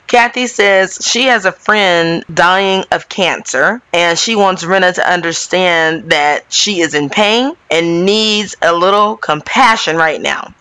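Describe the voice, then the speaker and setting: A reality TV recap host giving sassy, animated gossip commentary with dramatic asides. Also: medium pitch, no echo.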